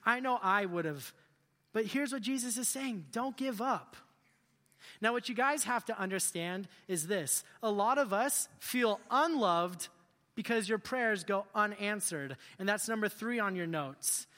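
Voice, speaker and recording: Bright-voiced youth pastor preaching. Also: male voice, high-pitched, measured pace, big-room sound. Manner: animated, jokey, asks the crowd questions. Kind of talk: youth sermon.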